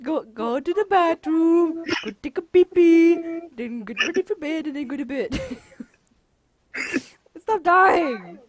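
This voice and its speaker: A woman's voice: very high voice, expressive, takes it slowly, no room sound. A woman hosting a casual chat with a friend, giggling constantly and teasing him in a bossy way, from her room at home. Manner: giggly, breaks into laughing fits, bossy teasing. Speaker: channel host. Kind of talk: casual chat over voice call.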